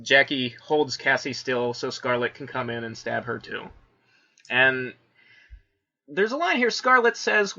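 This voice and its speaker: A man's voice: a little high, lively intonation, normal speed, pushed and bright, muffled recording. A man co-hosting a casual comic review, laid-back and full of fillers like "like" and "you know.". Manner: laid-back, lots of "like" fillers, laughs often. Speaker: podcast co-host.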